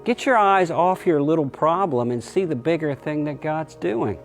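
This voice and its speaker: A middle-aged pastor giving a short, plainspoken sermon and acting out quoted voices. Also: male voice, expressive, normal speed, faint music behind. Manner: acts out quotes with raised pitch.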